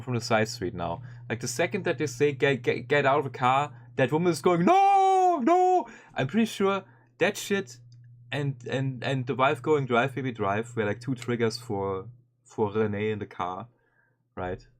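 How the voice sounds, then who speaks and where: A man streaming and commenting casually on a video, animated and swearing often, with frequent restarts. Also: medium pitch, normal speed.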